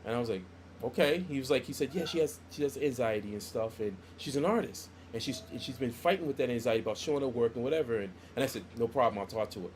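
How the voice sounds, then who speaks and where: A man's voice: medium pitch, quick pace, slight background noise. A middle-aged man, a comic book artist, telling stories in a casual podcast chat and acting out the dialogue he quotes. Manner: animated storyteller who acts out quoted dialogue.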